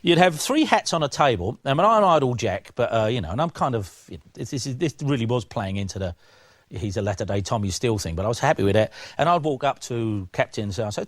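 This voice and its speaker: Male interview guest, lively storyteller who does the voices, wide pitch swings, dry studio. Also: fast talker, dry recording. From England. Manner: acts out voices in his stories, lively and chatty. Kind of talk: animated anecdotal storytelling.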